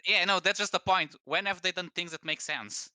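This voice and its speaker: Bright-voiced matter-of-fact player. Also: male voice, sits high, brisk, no echo, studio quality. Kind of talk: casual tabletop game chat.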